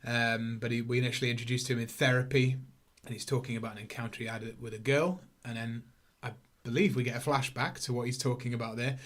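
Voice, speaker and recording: A man's voice: medium pitch, fairly even intonation, fast talker, hardly any pauses, fairly bright tone. A man hosting a casual film review podcast, talking in a rambling, stop-start way. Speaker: podcast host.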